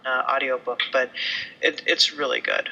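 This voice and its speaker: A woman's voice: very deep voice, fairly even intonation, normal speed, pushed and bright, breathy edge, highs cut off. A woman co-hosting a podcast in casual, rambling chat, a bit tipsy and swearing casually. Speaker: podcast co-host.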